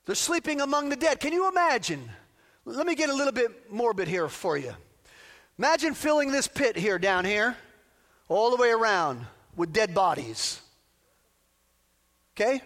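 A man with a very high voice delivers an emphatic sermon from the pulpit, repeating phrases for force. His voice rings through a church sanctuary with a long, echoing reverb. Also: big pitch swings, normal speed, pauses often, fairly bright tone. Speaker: pastor. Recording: long reverb of a large hall.

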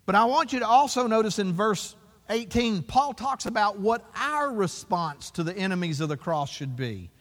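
A man's voice: high-pitched, expressive, normal speed, fairly bright tone. A man preaching a sermon as pastor, emphatic and full of rhetorical questions to his congregation. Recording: long hall reverb.

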